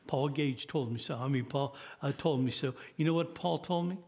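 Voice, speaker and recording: A man's voice: mid-range voice, normal speed, gravelly, darkish tone. A man in his eighties preaching a sermon, earnest and building to emphatic exhortation. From United States. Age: 80s. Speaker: guest preacher.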